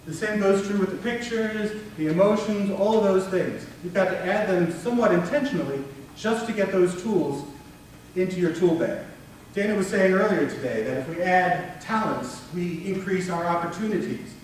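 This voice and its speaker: Male workshop presenter, slightly high voice, conversational and animated, heard from afar in a very echoey room. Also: normal speed, far from the mic, a little hiss or hum. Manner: conversational, animated, demonstrates tones with his voice. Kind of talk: conference breakout talk. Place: conference room before an audience.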